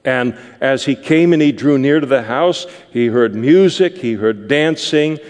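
Slow-speaking male preacher in a reverberant hall. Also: medium pitch, a little mellow. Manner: conversational, explanatory. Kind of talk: verse-by-verse sermon.

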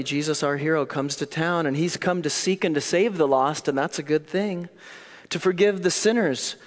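Animated preacher in an echoing hall. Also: male voice, medium pitch. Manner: animated storytelling, jumps between hushed and excited. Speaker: pastor. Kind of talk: sermon. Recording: long hall reverb.

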